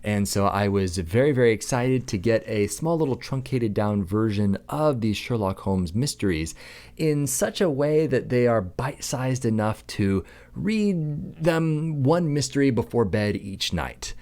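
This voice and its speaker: A man's voice: mid-range voice, lively intonation, measured pace, a little mellow. A man in his thirties giving an enthusiastic, chatty book review as a parent who reads aloud to his kids. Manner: enthusiastic, chatty, some restarts.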